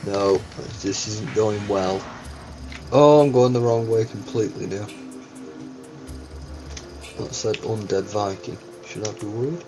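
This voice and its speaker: A man's voice: fairly low pitch, a little slow, pauses often, low-quality recording. A man giving let's-play commentary on a game, exclaiming and yelping as things happen. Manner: excitable, yelps and exclaims at game events. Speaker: gaming channel host. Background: game music.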